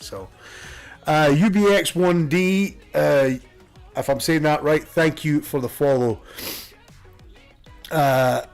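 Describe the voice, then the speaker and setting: A Scottish man streaming from a room at home, chatting in a rambling way and reading his viewers' messages aloud. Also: mid-range voice. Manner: rambling, reads chat aloud. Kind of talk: casual chat with viewers.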